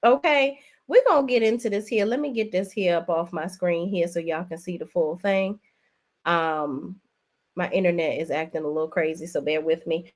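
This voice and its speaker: A woman's voice: lowish voice, moderate pace. A woman hosting a casual livestream, chatting in a sassy, talkative way and calling her viewers "y'all". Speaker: livestream host.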